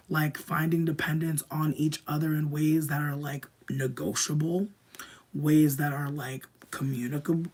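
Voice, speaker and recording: A young adult streamer with a sick voice, rambling casually to chat with heavy "like" filler, swearing freely and often dropping into a breathy half-whisper. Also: mid-range voice, darkish tone. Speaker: livestreamer answering chat.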